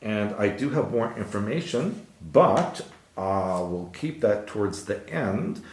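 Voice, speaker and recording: Chatty low-voiced man in a roomy echo. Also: animated, slow pace, a little mellow. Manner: chatty, jokey asides. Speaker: show host. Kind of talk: casual news chat.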